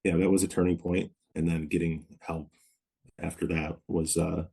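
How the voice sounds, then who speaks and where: A man in his thirties, a podcast guest, telling his story of recovery in a reflective, measured way with many pauses. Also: sits low, level tone, vocal fry, warm tone, breathy edge. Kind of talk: candid interview storytelling.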